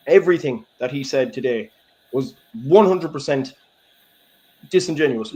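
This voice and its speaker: A man's voice: on the high side, darkish tone. A man with a Kerry Irish accent giving heated, emphatic podcast commentary, tagging his points with "okay?" and "right?". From Ireland, County Kerry. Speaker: podcast co-host, blogger. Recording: muffled lo-fi online call audio.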